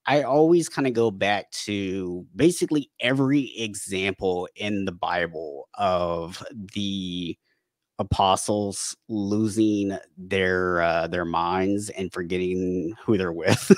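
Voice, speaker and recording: Man, low register, podcast guest coach; casual and animated, restarts sentences, dry close sound. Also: slow pace, dry recording. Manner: animated storytelling, acting out panicked inner voices; frequent restarts and repeated words. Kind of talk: casual conversational interview.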